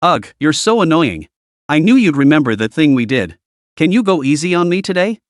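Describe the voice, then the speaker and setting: A man's voice: a little high, sing-song, a little fast, no room sound, clean studio sound. A man voicing a sugary fake-innocent young woman. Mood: sugary, whiny. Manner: coquettish, whiny, sugary.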